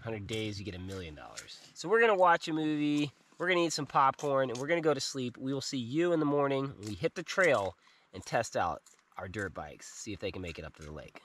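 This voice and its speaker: A man's voice: mid-range voice, sing-song, brisk, fairly bright tone, a little hiss or hum. A middle-aged man hosting a casual outdoor adventure vlog, upbeat and chatty, talking to viewers on a camping trip and mountain trail. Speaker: vlog host.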